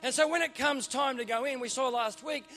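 A middle-aged Australian man preaching a sermon in a church, animated and joking with punchy repeated phrases. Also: very high-pitched, fairly quick, soft background music. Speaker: pastor.

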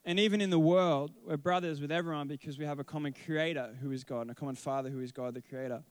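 His voice is a little high and steady in tone, and he talks fast. He's a teacher giving a casual Bible talk, a rambling storyteller who corrects himself as he goes.

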